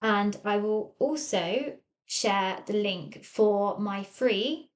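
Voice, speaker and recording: A woman's voice: mid-range voice, extremely slow. An English woman with an English accent, a therapist hosting her own podcast from a small office and talking listeners through ideas in a coaching tone. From England. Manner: warm coaching tone, acts out quoted voices. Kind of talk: solo podcast talk.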